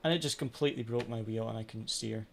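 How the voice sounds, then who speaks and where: A man's voice: mid-range voice, fast talker, gravelly, slight background noise. A man streaming a racing sim live, ranting in frustration at his own races as he plays. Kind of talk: live gameplay commentary.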